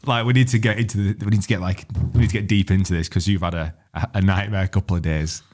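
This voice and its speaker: A man's voice: sits low, fairly even intonation, fast, darkish tone. A man co-hosting a podcast, teasing his guest in casual banter and swearing. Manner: teasing, laughs often, swears. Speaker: podcast co-host.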